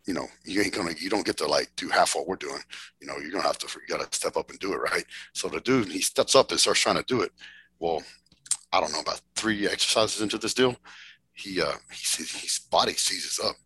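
Cast: very low, raspy man, casual podcast storyteller, swears freely. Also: pushed and bright, dry recording, rough recording. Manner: laid-back drawl, swears freely, laughs through stories. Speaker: podcast guest, bodybuilder.

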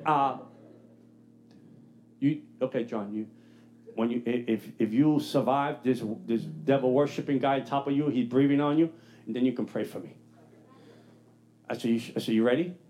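A man preaching a testimony sermon, telling his story in an animated way and acting out his own dialogue. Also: mid-range voice, normal speed, a little hiss or hum. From New York.

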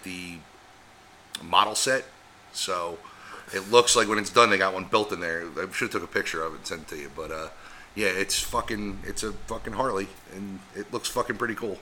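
A man's voice: lowish voice, sharp tone, slight background noise. A man co-hosting a podcast in casual chat, blunt and teasing, swearing casually. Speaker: podcast co-host.

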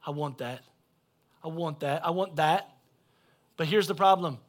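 A man, preaching a sermon as pastor and swinging between quiet asides and loud shouted calls. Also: on the high side, unhurried. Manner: blunt, folksy preaching.

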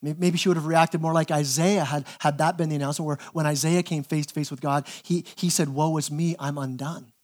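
A man with a high, light voice preaches to his church. He delivers the sermon with lively energy, jumping into the voices of the people he quotes and stumbling over repeated words as he begins his thoughts. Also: quick pace, hardly any pauses. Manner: animated, acts out quoted voices, repeats words when starting phrases. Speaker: pastor.

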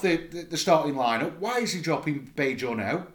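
A man's voice: a little high, expressive, normal speed, roomy sound. A man co-hosting a casual football fan chat, blunt and exasperated as he rates the players. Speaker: podcast co-host.

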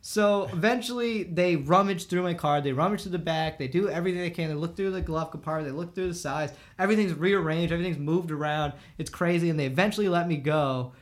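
A man with a high, light voice tells a story in relaxed chat among friends. He is animated and acts out the other people's lines himself, with laughter between his sentences. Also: fast talker, hardly any pauses.

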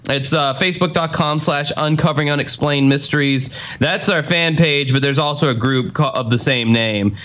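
A man's voice: a little high, moderate pace, hardly any pauses, a bit bright. A man co-hosting a podcast, chatting casually, rambling and joking. His audio comes over a computer call and sounds slightly phoned in. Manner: joking, rambling, laughs often. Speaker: podcast co-host. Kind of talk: casual chat.

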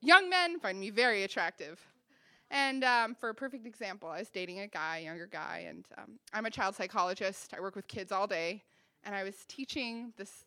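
A woman's voice: a little high, sharp tone, dry recording, clean studio sound. A woman in her twenties telling a funny personal story on stage, acting out the dialogue with self-deprecating humor.

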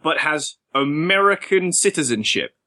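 Bright, lively-voiced podcast host. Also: male voice, fairly high pitch. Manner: playful, quick to joke and segue. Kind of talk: casual podcast chat.

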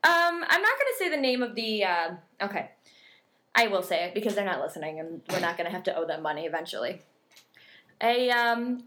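A woman's voice: medium pitch, very animated, brisk, fairly bright tone. A woman co-hosting a podcast, chatting casually and reading out odd news stories in a playful, giggly way. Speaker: podcast co-host.

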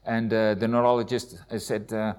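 A man's voice: flat delivery, moderate pace, a little mellow, smooth. A middle-aged man, a missionary, telling a heartfelt personal testimony in church, with frequent hesitations and dialogue acted out in a rising voice. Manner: heartfelt storytelling, acts out dialogue with rising pitch.

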